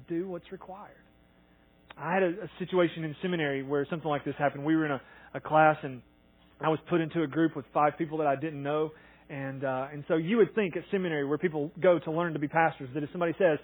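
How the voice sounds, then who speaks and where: A husky man preaching a sermon with a somewhat high voice. He is an earnest pastor who acts out the voices of people he quotes, swinging from loud to soft. The recording sounds tinny and narrow, like a phone line. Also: fast.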